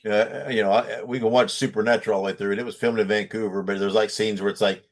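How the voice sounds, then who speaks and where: Man, halting and filler-heavy. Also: lowish voice, fairly even intonation. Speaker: podcast co-host. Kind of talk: casual podcast chat.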